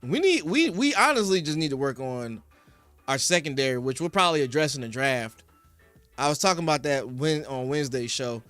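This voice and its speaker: Heated, high-voiced Philly sports host. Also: male voice, lively intonation, fairly quick, a bit bright, no echo, faint music behind. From Philadelphia. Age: young adult. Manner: rambling, reads chat names, rises to heated rants. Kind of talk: casual sports talk to live chat. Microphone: studio podcast mic.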